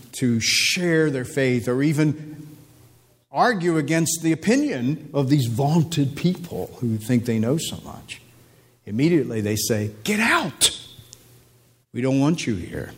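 A man preaching a sermon, emphatic, repeating phrases and climbing in pitch for stress. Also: a little mellow, slightly rough.

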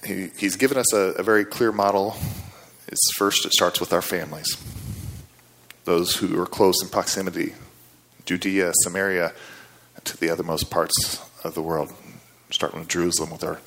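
A man's voice: low voice, fairly even intonation, normal speed, fairly bright tone. A man preaching a storytelling sermon in an earnest, conversational way, often checking in with his listeners.

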